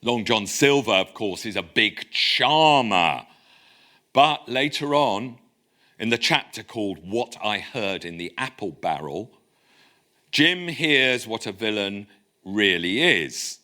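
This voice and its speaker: A man giving a public lecture in a lecture room, lively and conversational, with wry asides. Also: fairly low pitch, takes it slowly.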